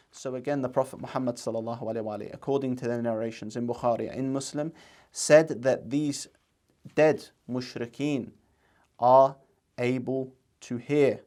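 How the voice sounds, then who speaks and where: A man's voice: medium pitch, darkish tone. A man presenting religious commentary in an earnest, argumentative way, reading out scripture and reciting Arabic quotations.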